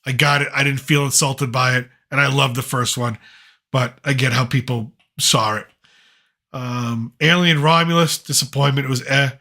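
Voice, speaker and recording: Gravelly, bright-voiced middle-aged man. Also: medium pitch, fairly even intonation, moderate pace. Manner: opinionated, rambling, with fillers. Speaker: podcast host, father. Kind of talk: casual chat.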